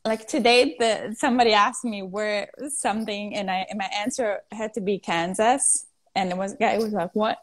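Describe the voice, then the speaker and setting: A woman with an Italian accent, chatting casually on a phone live stream, halting and self-deprecating, laughing often. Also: mid-range voice, steady tone.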